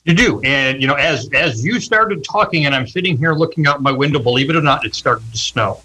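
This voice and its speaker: A man's voice: medium pitch, lively intonation, fairly quick, sharp tone, slightly rough, low-quality recording. A man, a recreation specialist speaking as a radio guest from home, friendly and explanatory with many you-knows. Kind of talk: casual radio interview.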